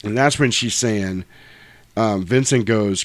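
Low-voiced man retelling a film scene. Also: moderate pace, no room sound. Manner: acts out quoted dialogue, swears freely.

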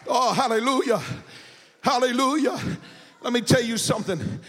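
A male pastor preaching a sermon, shouting in a sing-song cadence and stammering repeated words. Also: extremely high pitch, moderate pace. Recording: reverberant church hall.

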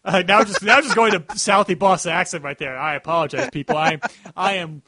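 High-voiced rambling podcast host man. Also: brisk, pushed and bright, no echo. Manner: rambling, lots of "like" fillers. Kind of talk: casual podcast chat.

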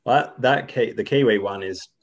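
A young Australian man with a lowish voice, rambling through a casual interview chat. He trips into restarts and fillers as he talks. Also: moderate pace, muffled recording. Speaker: guest, video creator.

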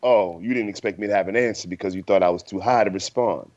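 A low-voiced man cohosting a podcast, joking and boasting as he stumbles through a read-aloud. The recording is dry and muffled, with a lo-fi dullness. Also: quick pace, a little mellow, no echo. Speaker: podcast co-host. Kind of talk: casual podcast banter.

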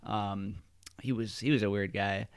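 A man hosting a podcast drifts through a long story in easy, filler-heavy chat. His voice is smooth and clear, recorded dry and close to the mic. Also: on the low side, fairly even intonation, unhurried, no room sound. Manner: rambling storyteller, lots of fillers. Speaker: podcast host. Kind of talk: casual chat.

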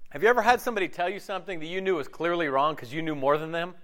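A man's voice: high voice, quick pace, few pauses, a bit bright. A man preaching a sermon in a conversational way, often asking his listeners questions and acting out the voices in their heads. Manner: conversational, asks the audience often; acts out inner voices in quotes. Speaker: pastor.

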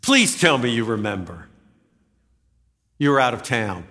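Pastor preaching with animated, swinging pitch. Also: male voice, unhurried. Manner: lively preaching, rising and falling emphasis; jokes with the congregation. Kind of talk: sermon. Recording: reverberant sanctuary, voice sometimes far from mic.

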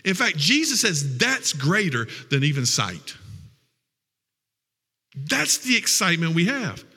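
A man's voice: fairly high pitch, wildly swooping pitch, measured pace, bright, forceful tone, slightly rough, in a large hall. A man preaching a sermon in a folksy, emotional, conversational way.

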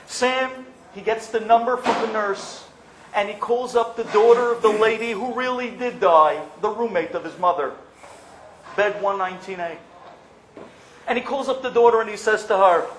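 A man with a high voice tells a story, lively and shifting between hush and loudness. He sounds roomy and echoey, with a faint ambience behind him. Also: moderate pace, slight background noise. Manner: animated, swings between hushed and loud. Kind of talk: radio storytelling.

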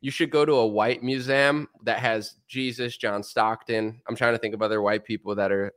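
A man's voice: mid-range voice, fairly even intonation, normal speed, a bit bright. A man hosting a podcast in casual political chat, loose and sarcastic, cracking jokes. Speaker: podcast host.

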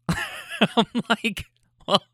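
A man's voice: extremely high pitch, huge pitch swings, drawn-out words, sharp tone, breathy edge, no echo, studio quality. A young man ranting in a profane, self-deprecating casual monologue. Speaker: storyteller.

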